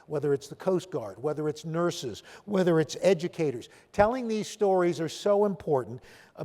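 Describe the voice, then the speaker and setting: A man giving an off-the-cuff conference speech, halting and self-deprecating, often restarting his sentences. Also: a little high, darkish tone. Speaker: keynote speaker at a panel event. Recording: long hall reverb.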